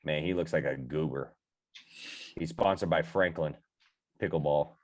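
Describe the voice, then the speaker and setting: This man has a bass voice with a darkish tone, speaking at normal speed. Hosting a podcast, he keeps things casual, joking around, teasing his guest and laughing frequently.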